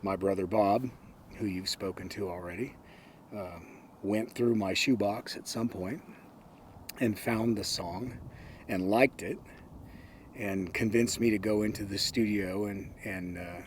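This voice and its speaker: An older man telling anecdotes in a relaxed, wry way, with frequent ums and uhs. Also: lowish voice, a little slow, a little hiss or hum. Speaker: interviewee. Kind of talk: casual anecdotal storytelling.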